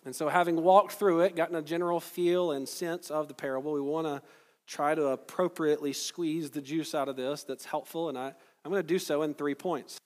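A man's voice: a little high, steady tone, a little fast. A man preaching a sermon in a conversational tone. He explains the text verse by verse and puts questions to his listeners. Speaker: pastor. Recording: long hall reverb.

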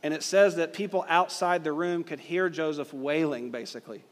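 A man's voice: a little high, moderate pace. A male pastor preaching a sermon, emphatic and driving points home with rhetorical questions. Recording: long reverb of a hall.

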